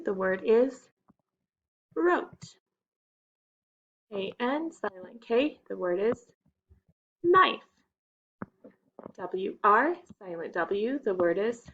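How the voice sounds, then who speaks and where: A woman's voice: medium pitch, animated, slow, highs cut off, slight background noise. A woman teaching young children a phonics lesson, patient and stretching out the key words.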